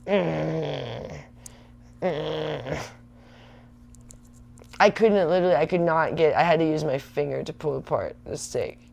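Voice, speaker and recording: A woman's voice: low-pitched, slow, creaky, pauses often, darkish tone. A woman in her thirties hosting a livestream, rambling chattily and answering viewer comments. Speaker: livestream host. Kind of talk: casual rambling livestream chat.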